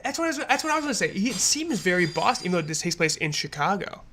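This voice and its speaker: A bright, forceful male voice sitting a little higher than most men, talking bluntly in relaxed podcast banter. He swears freely and laughs easily as he trades opinions with his co-host. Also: very fast, a little hiss or hum. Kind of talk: casual chat.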